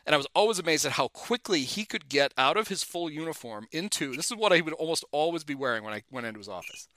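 A middle-aged man spins anecdotes in a relaxed chat, his bright voice rising and falling in a lively way. He slips into quick impressions of the people in his stories. The sound is dry and close. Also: a little high, no room sound. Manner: animated anecdotes, acts out quotes. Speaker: guest telling stories. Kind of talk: casual storytelling chat.

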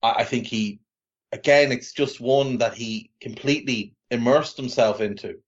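A man's voice: mid-range voice, moderate pace, dull audio. A man co-hosting a podcast in casual, enthusiastic chat, often repeating himself. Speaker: podcast co-host.

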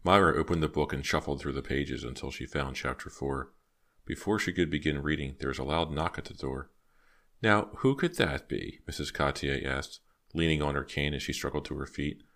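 A man reading a novel aloud as an audiobook narrator, telling the story in a steady, even way. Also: a bass voice, fairly quick. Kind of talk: scripted narration.

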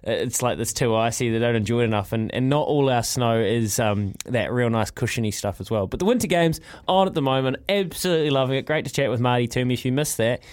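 A man's voice: mid-range voice, expressive, quick pace, hardly any pauses, clean tone. A man with a New Zealand accent hosting a breakfast radio show, chatting in an enthusiastic, rambling way with many restarts. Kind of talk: casual radio chat.

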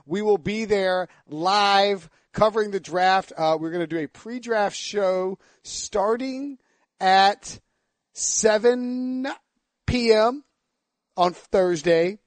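A man with an Eastern North Carolina accent hosting a casual sports podcast, rambling and self-deprecating with quick asides. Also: high-pitched, no echo. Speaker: podcast host.

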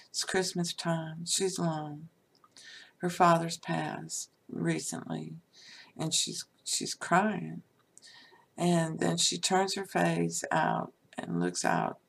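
Woman talking slow about spiritual stuff, gravelly low-ish voice, keeps saying you know, okay?. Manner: conversational, frequent "you know" and "okay?" tags; drops to a whisper for emphasis. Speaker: spiritual teacher. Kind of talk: casual spiritual teaching talk.

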